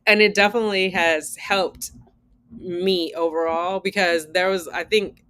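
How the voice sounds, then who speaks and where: A woman in her forties telling a candid story to her viewers in a casual chat, animated, switching between loud outbursts and hushed asides. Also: on the low side, a little slow, smooth. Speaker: vlogger and new mother.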